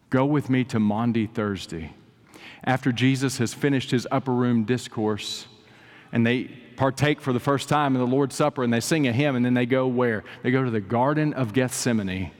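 Male preacher in a reverberant hall. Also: medium pitch. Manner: dramatic, swings between soaring and hushed delivery. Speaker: pastor. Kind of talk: sermon. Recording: long reverb of a large hall.

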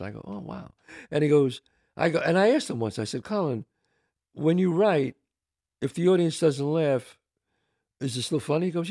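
A man's voice: on the high side, expressive, normal speed, creaky, pauses often, warm tone, no room sound, studio quality. A man hosting a casual chat, emphatic and swearing, repeating his points for weight. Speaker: host.

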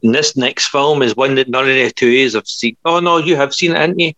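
A man's voice: mid-range voice, fast talker, sharp tone, no room sound, poor audio. A man co-hosting a podcast, casually reviewing films with frequent laughs. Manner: laughing, rambling film reviews. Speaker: podcast co-host. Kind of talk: casual chat.

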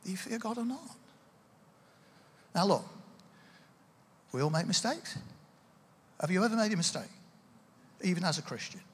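A man's voice: sits high, normal speed, long pauses, a little hiss or hum. A man preaching a sermon, chatty and self-deprecating, with asides to the congregation. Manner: conversational, self-deprecating, lively with asides and laughs. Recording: echoey hall, distant reverb.

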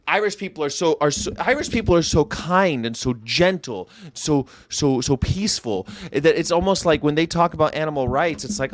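A man from Southern California hosting a casual vegan livestream, talking in an animated, rambling way that jumps between jokes and pleas. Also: fairly high pitch, moderate pace, no room sound. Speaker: vegan channel host.

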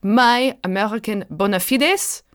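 A man's voice: high-pitched, a little slow, a bit bright, clear, resonant tone, dry recording, clean studio sound, voice pushed up. A woman playing an elderly, dignified German clergyman with a German accent, speaking formally.

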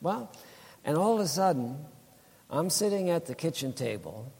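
A man's voice: a little high, big pitch swings, normal speed, gravelly, darkish tone, breathy edge, long reverb tail. A man in his sixties giving a rambling, folksy church testimony, with many restarts and laughs.

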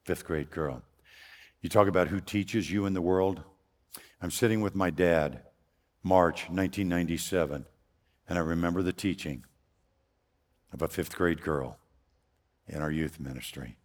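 Loud, deep-voiced older man preaching. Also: moderate pace, pauses often. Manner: loud, folksy and earnest. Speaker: guest preacher. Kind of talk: storytelling sermon. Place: church sanctuary. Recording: long hall reverb.

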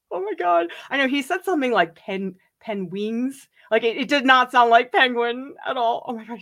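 A woman chats casually from home, reading viewer comments aloud and reacting to them. She gushes and giggles, and her voice swings high when she gets excited. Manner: gushing, giggly, animated swings in pitch. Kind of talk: casual livestream chat.

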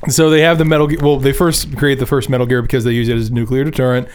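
A young man hosts a laid-back podcast with a voice of ordinary pitch. He laughs a lot between phrases and teases himself as he goes. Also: little pitch movement, racing, darkish tone, clean tone. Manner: giggly, self-mocking, laughs often mid-sentence. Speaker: podcast host. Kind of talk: casual chat.

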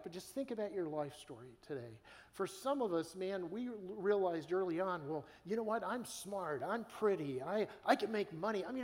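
A man preaching a sermon in an earnest, conversational way, stumbling and restarting as he speaks, heard with church hall reverb. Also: sits high. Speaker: guest preacher.

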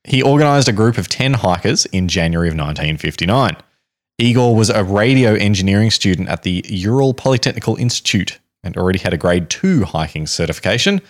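A man's voice: sits low, animated, fairly quick. A man hosting a podcast, casually telling a story to his co-hosts with frequent laughs and teasing. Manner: chatty, laughs often, teasing.

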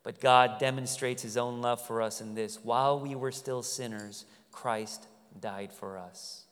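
A man's voice: medium pitch, steady tone, a little slow, clear, resonant tone. Man preaching in a reverberant hall. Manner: earnest, swings from loud emphasis to hushed tenderness. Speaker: pastor. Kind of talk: sermon. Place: large hall with a congregation.

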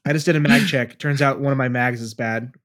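A man's voice: mid-range voice, fairly even intonation, fairly quick, fairly bright tone. A young man co-hosting a podcast in casual chat, joking, swearing and acting out what others might say. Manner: joking, swearing, acts out quoted voices. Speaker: podcast co-host.

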